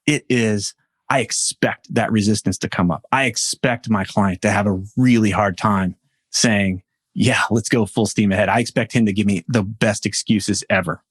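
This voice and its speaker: A man, a men's coach, speaking as a podcast guest in a reflective, storytelling way with halting restarts. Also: lowish voice, steady tone, breathy edge, no room sound, studio quality. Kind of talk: podcast interview.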